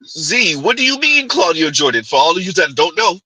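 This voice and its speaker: A man's voice: sits high, big pitch swings, fairly quick, pushed and bright, breathy edge, dry recording, rough recording. A man hosting a commentary show, riffing in a rambling, repetitive way. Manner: rambling, repeating himself, chuckling asides. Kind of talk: casual commentary.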